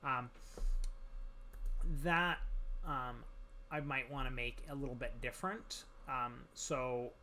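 A man talking through a software tutorial as he works, relaxed, with many pauses and fillers. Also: medium pitch, slight background noise. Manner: relaxed, many ums and restarts while working. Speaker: tutorial instructor. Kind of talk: screen-recorded software tutorial.

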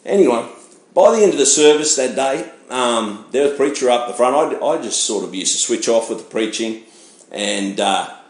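Aussie pastor telling his story, lively, does all the voices, mid-pitched, roomy echo. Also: moderate pace. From Australia. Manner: animated storytelling, acting out voices. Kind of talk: personal testimony sermon. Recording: echoey room.

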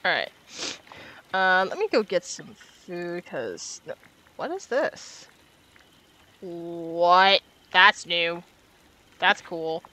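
A woman's voice: fairly low pitch, pushed and bright. A woman streaming a video game, chatting casually and muttering to herself as she plays. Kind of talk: casual gaming stream commentary.

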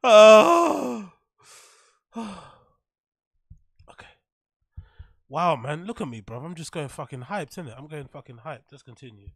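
A man hosting a live reaction stream, rowdy and excitable, laughing often and swearing. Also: high-pitched, unhurried, gravelly, pauses often.

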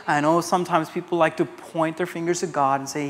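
A man's voice: on the high side, steady tone, brisk, big-room sound. A man from India preaching a sermon as pastor, quoting scripture and telling anecdotes to his congregation. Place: large church hall.

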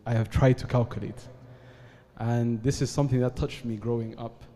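Male panel guest, earnest and deliberate, dark monotone delivery, live hall reverb. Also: mid-range voice. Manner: measured and earnest, with frequent "uh" pauses and Arabic formulas. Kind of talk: formal talk at a live event. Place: event hall at an Islamic centre.

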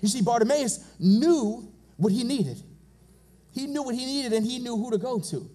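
A male pastor preaching a fervent sermon in a church, repeating phrases and building to shouts. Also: very high-pitched, lively intonation, normal speed, breathy edge. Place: church sanctuary.

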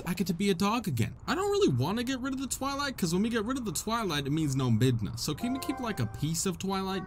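An excitable young man talks through a game as he plays, joking, swearing and laughing at what happens on screen. His pitch swings widely and sits a little high for a man. Game music plays clearly behind him. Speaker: gaming channel host. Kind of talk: let's play commentary.

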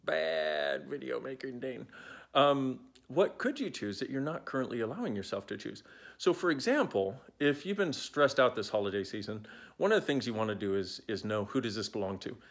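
Lively, chatty man talking to his phone. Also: mid-range voice, fairly quick. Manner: animated, playful, digressive. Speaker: self-help speaker. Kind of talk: casual talk to camera. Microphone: phone at arm's length.

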